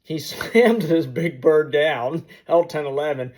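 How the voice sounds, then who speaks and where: This man's voice is fairly high and darkish, with lively intonation and a slightly slow delivery. As a motivational storyteller, he recounts a personal story to the camera, packed with sound effects and meant to inspire.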